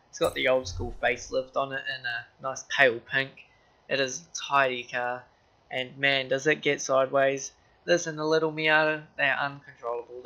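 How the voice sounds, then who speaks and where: Bright-voiced casual gaming guy. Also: mid-range voice. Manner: loose, rambling car-enthusiast talk with slang. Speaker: gaming channel host. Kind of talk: casual game walkthrough.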